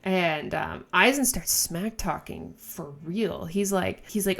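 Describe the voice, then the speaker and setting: A woman's voice: lowish voice, creaky, faint music behind. Gushing woman recapping a manga. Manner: gushing, animated storytelling with quick asides. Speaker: manga reaction host. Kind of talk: casual recap and reaction.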